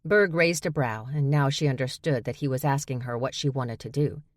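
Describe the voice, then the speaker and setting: A woman's voice: rumbling low, moderate pace, no room sound. A woman narrating an audiobook with wry, dry storytelling. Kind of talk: scripted narration.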